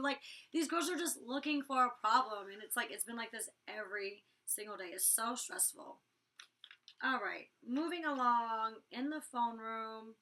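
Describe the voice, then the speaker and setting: A young woman with a bright, fairly high voice rattles through a casual episode recap. She packs her talk with "like" fillers and swears bluntly. Her voice sits a little distant from the mic. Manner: chatty, fast storytelling full of "like" fillers. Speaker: reality show cast member reviewing an episode.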